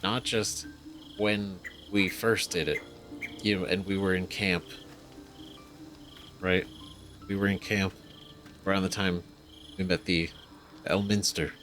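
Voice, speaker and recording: Male let's-play host, deep unhurried voice, casual emphatic commentary. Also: little pitch movement, fairly bright tone, a little hiss or hum. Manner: rambling, emphatic, swearing, restarts. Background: game music.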